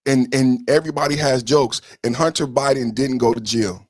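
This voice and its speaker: This podcast host is a man who combatively and profanely rails about politics on a livestream, telling off his chat and repeating himself for emphasis. His tone stays steady at a moderate pace, with no echo, though his volume swings from loud to low.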